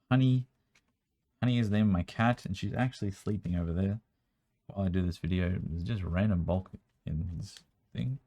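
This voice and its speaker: A young man with a strained, worn-out voice, chatting quickly as he sorts through a card collection at home, with bursts of excitement. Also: low voice. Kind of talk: casual running commentary while sorting cards. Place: room at home.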